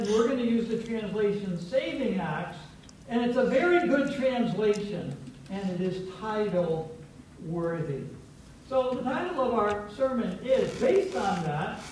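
High-voiced pastor in an echoing church. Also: male voice, lively intonation, measured pace, darkish tone, a little hiss or hum. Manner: playful, teacherly, prompts the congregation to repeat words. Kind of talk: sermon. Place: church sanctuary. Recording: very echoey church, distant from mic.

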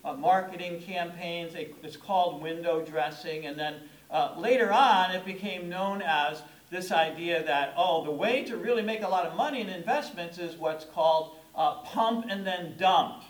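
A man's voice: sits high, normal speed, few pauses, reverberant, poor audio. A man preaching a Sunday sermon as the pastor, conversational and shifting his emphasis often.

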